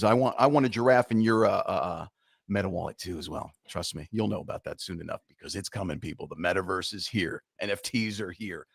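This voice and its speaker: A man's voice: fairly low pitch, gravelly, no room sound, studio quality. A man speaking earnestly and upbeat as a guest in a casual podcast chat.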